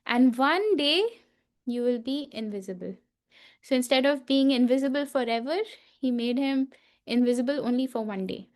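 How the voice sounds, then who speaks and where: A woman teaching a festival class, telling a sacred story slowly with frequent fillers and asides to her listeners. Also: high-pitched, a little mellow.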